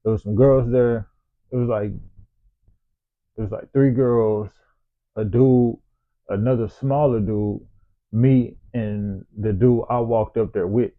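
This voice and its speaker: A man's voice: mid-range voice, fairly even intonation, takes it slowly, long pauses. Man telling a story over a phone-like line. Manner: loose, profane, slangy, with frequent restarts. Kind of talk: casual personal storytelling. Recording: tinny phone-like sound.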